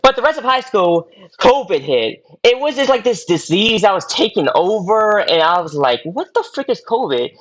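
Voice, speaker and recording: A man's voice: sits high, animated, moderate pace, a bit bright. A young man telling a long personal story on a podcast in a casual, rambling way, full of fillers and repeats. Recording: dull lo-fi audio.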